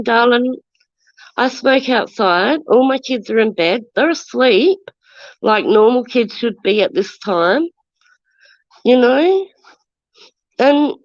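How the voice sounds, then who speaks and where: On a casual live stream, an Australian woman in her forties with a fairly high voice and a stuffy nose from a cold rants defensively, greeting viewers along the way. There's no echo, but the stream audio is dull and lo-fi.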